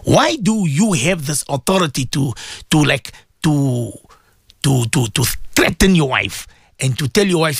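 Male Islamic radio host, preachy and fervent, high lively voice with husky edges, piles on rhetorical questions. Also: unhurried, dry recording, studio quality. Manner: impassioned, repeats words, many rhetorical questions. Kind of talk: preaching radio talk to listeners.

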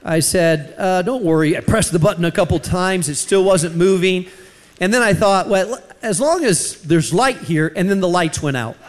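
High-voiced man preaching a sermon. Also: moderate pace. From United States. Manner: storytelling with lively acted-out quotes. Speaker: pastor.

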